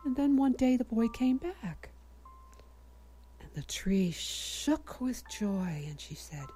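A woman reading a children's story aloud in a gentle, measured way, sometimes dropping to a whisper. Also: on the high side, big pitch swings, faint music behind.

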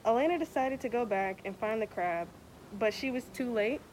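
A young woman reading a children's picture book aloud with expressive, animated storytelling. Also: on the high side, normal speed, a little hiss or hum, rough recording. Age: young adult. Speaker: student athlete reading aloud.

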